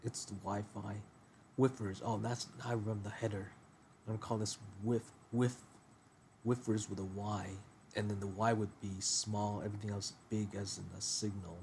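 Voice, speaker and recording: A man's voice: lowish voice, level tone, normal speed, darkish tone, slight background noise. A man in casual conversation, rambling and thinking aloud as he brainstorms a story idea. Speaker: user talking to a voice assistant.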